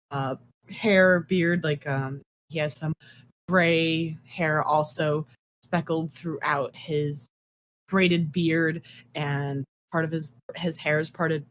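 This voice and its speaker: A woman's voice: low voice, a little hiss or hum. A young woman narrating as game master of a tabletop game, hesitant and full of fillers. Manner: hesitant, lots of ums and restarts.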